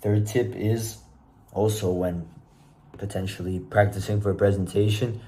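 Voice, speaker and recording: A young man casually sharing presentation tips to his own camera, relaxed and self-deprecating. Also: fairly low pitch, normal speed. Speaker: presenter giving speaking tips. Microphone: self-recording camera.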